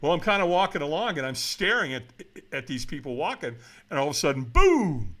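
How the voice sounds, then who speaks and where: A middle-aged man telling a story as a podcast guest, acting out the voices of the people in it and shouting for emphasis. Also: fairly high pitch, lively intonation, fast talker. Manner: dramatic retelling, acts out quoted voices, shouts for emphasis. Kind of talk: animated storytelling.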